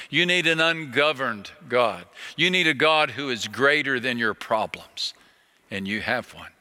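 A man preaching a sermon as a pastor, earnest and pleading, slowing down on key phrases. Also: mid-range voice, pushed and bright, in a large hall.

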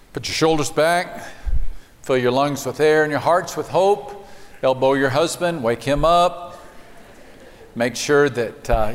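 A man's voice: medium pitch, big-room sound. A man, a pastor preaching a sermon and telling folksy stories with hesitant fillers.

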